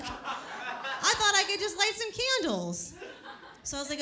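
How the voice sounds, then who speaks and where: A woman's voice: high voice, big pitch swings, normal speed, long pauses, bright, forceful tone. Brash, profane woman doing stand-up. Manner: brash and profane, punchy storytelling. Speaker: stand-up comedian. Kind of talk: stand-up comedy set. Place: comedy club stage before a laughing crowd. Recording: live club recording with faint crowd noise.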